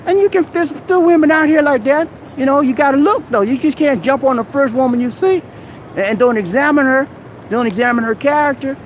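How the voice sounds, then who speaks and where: A man with a strikingly high voice hosts a live stream from outside a busy mall. He lectures his viewers in a preachy, exhorting way and keeps calling them "man". Faint street and traffic noise sits behind him. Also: brisk. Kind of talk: motivational advice rant. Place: outdoors at a busy shopping mall.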